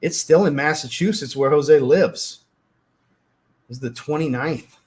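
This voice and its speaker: A man hosting a fragrance livestream, chatting casually, telling profane, animated stories and reading out chat messages. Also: fairly high pitch, unhurried. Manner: animated, profane storytelling, reads chat aloud. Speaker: livestream host.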